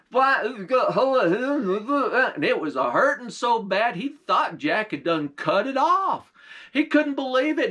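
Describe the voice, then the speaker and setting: A man's voice: high voice, a bit bright. Man telling a folksy tale. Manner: folksy, unhurried storytelling with dialect words. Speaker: pastor. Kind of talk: folk tale storytelling and short sermon.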